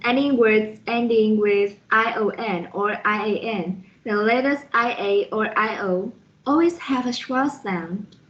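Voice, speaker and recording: A woman presenting a lesson on pronunciation, reading out spellings and examples slowly and carefully, one letter at a time. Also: mid-range voice, dull audio. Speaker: student presenter reviewing a phonetics lesson. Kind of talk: slide-by-slide explanatory lesson.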